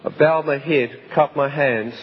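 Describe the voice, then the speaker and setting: A man's voice: medium pitch, fairly even intonation, a little slow. A man giving a personal testimony as a dramatic story, intense and vivid, with some restarts. The sound is dull, with a long hall reverb.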